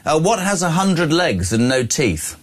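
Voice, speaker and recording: A man hosting a morning talk radio phone-in, opinionated and animated. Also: on the high side. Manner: opinionated, animated, quick to laugh.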